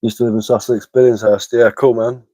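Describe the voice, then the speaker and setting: An Englishman with a relaxed manner, chatting casually on a live stream while working on a craft project and answering chat messages aloud. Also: mid-range voice, fairly quick, no echo, low-quality recording.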